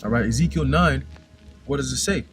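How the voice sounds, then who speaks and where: A man's voice: mid-range voice, a little fast, soft background music. A young man preaching in a casual way, reading scripture verses aloud and often ending his lines with "man". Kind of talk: informal scripture teaching.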